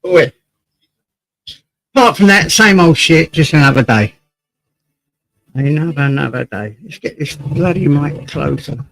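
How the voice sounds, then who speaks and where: An English man hosts a laid-back live stream from home, reading out the chat and greeting viewers one by one. His voice sits a little high and has a gravelly edge. He sometimes leans away from the desk mic. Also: animated, a little slow, pauses often, fairly bright tone, poor audio. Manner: chatty, greets viewers by name, reads chat aloud. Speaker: livestream host. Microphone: desk mic, sometimes off-axis.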